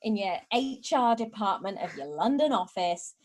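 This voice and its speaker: A woman's voice: medium pitch, animated, normal speed, a little mellow. A woman comedian chatting as a podcast guest, sardonic and mock-grumpy as she rants, laughing between lines. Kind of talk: casual podcast chat.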